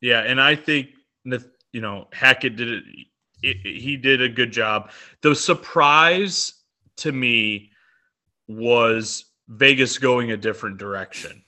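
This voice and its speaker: A man's voice: mid-range voice, slow, bright, forceful tone. A man co-hosting a casual sports podcast, talking enthusiastically and rambling with fillers. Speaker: podcast co-host.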